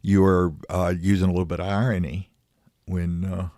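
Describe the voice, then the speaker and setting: A man co-hosting a podcast who speaks in a halting, playful way with many "uh" pauses. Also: low-pitched, little pitch movement, darkish tone, dry recording, clean studio sound. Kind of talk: casual podcast discussion.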